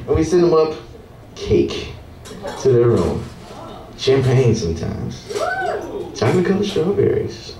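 A man's voice: a little high, measured pace, pauses often, crowd noise. A man doing a stand-up comedy set, telling hotel stories and acting out the guests. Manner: animated storytelling, acting out hotel guests and singing waiters. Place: comedy club stage. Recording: roomy club sound from a distant mic.

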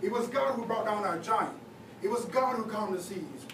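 A young man's voice sits high and moves at normal speed as he, a youth leader, preaches a relaxed, conversational sermon full of fillers. The church hall is echoey, and he was taped from a distance with background noise.

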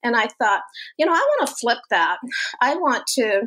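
A woman in her sixties, a guest on an interview show, telling stories in an animated way and laughing often. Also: a little high, moderate pace. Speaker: guest, college activity instructor. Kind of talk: casual interview talk.

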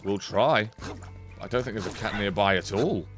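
Male streamer, lower voice, excitable and foul-mouthed, live play-by-play over faint game music. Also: normal speed. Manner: excitable, swears often, reacts loudly and reads chat. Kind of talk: casual live-stream commentary.

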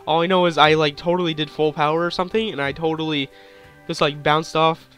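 A man's voice: fairly high pitch, fairly even intonation, fairly quick, a bit bright, soft background music. A young man with a sore throat giving hyper, giggly, crude gameplay commentary, rambling on. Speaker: gaming YouTuber.

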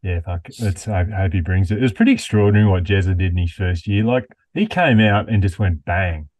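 A man's voice: deep voice, a little fast, a little mellow, dry recording. A man co-hosting a podcast, laid-back and casually swearing. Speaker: podcast co-host. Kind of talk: casual chat.

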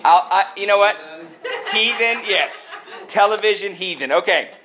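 A man preaching a sermon, animated and joking, who jumps from point to point. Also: sits high, moderate pace, crowd noise. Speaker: pastor. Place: church sanctuary. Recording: echoey church sanctuary.

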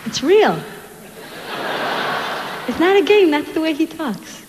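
A woman singer telling a playful, quick story to a concert audience from the stage. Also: high-pitched, sing-song, a crowd in the background, background noise. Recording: live hall with echo and music.

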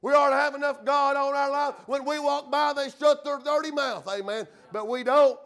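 High-voiced man preaching. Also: fairly even intonation, normal speed, fairly bright tone. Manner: emphatic preaching with frequent "uh" and "amen". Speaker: pastor. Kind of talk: sermon. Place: church sanctuary.

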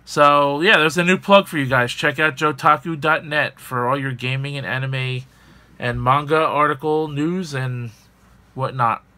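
A man's voice: on the high side, steady tone, a little slow, bright, forceful tone. A man hosting a casual gaming news podcast, rambling with fillers and jokes. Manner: rambling, filler-heavy, joking. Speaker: podcast host.

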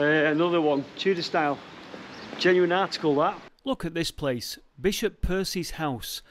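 A man's voice: fairly high pitch, fairly bright tone, a little hiss or hum. Enthusiastic man vlogging. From Manchester, England. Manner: enthusiastic and chatty. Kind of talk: casual travel vlog commentary.

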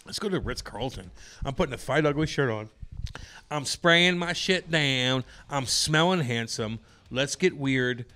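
A man's voice: mid-range voice, a little slow, sharp tone. A man co-hosting a podcast, telling crude stories in a rowdy, profane, joking way. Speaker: podcast co-host. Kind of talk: casual podcast banter.

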